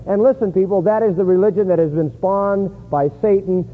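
A man preaching a sermon in an emphatic style, rising high and loud to stress points. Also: fairly quick, husky. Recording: echoey hall on a tinny lo-fi line.

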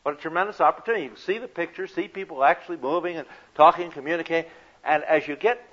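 A man's voice: a little high, quick pace, a bit bright. A man giving an earnest, emphatic lecture on counseling, with illustrative examples. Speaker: counseling teacher. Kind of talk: recorded lecture. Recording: dull lo-fi lecture recording.

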